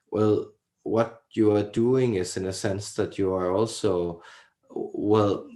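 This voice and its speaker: A man channeling a wise, fatherly alien entity, speaking slowly with many pauses in a put-on, vaguely Irish-sounding accent. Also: sits low, mellow. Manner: fatherly and soothing; slow, pausing, many "well"s. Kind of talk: channeled spiritual message.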